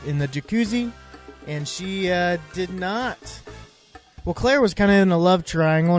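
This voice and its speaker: A man chats casually in a fairly high voice, rambling and joking his way through a recap. He keeps restarting his sentences and filling gaps with "uh". Faint music plays underneath. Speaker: podcast host.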